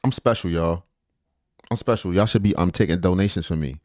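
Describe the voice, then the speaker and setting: A man's voice: low voice, brisk, a little mellow, no room sound, clean studio sound. A middle-aged man hosting a live stream in loose, joking chat, laughing often and swearing freely.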